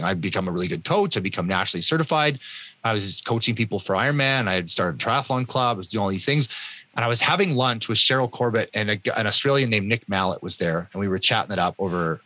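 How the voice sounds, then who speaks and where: A Canadian man in his fifties, a podcast guest telling his own story in a lively way and acting out what other people said. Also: lowish voice. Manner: animated, acts out other people's lines. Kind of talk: personal storytelling in an interview.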